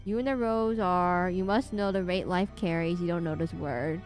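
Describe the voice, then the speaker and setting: A woman plays a horror game and gives casual let's-play commentary, reading the game's text aloud and adding wry asides. Her voice is lowish and her speed normal, with faint game music in the background.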